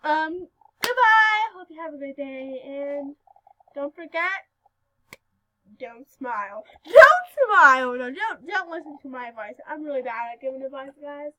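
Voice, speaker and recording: A female speaker giving casual gameplay commentary, giggly and excitable, breaking into sudden loud outbursts. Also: high voice, moderate pace, poor audio. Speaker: gaming video host.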